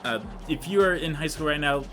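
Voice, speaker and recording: A man's voice: fairly high pitch, fairly quick, sharp tone, faint music behind. A young man giving casual, rambling, self-deprecating commentary while playing a video game. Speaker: let's play host.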